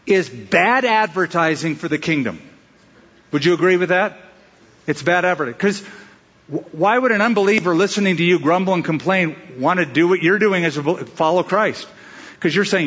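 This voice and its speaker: A man's voice: high-pitched, normal speed, a bit bright, slightly rough. Man preaching with questions to the congregation. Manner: conversational preaching with rhetorical questions and acted-out asides. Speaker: pastor. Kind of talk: sermon. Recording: dull sound with long hall reverb.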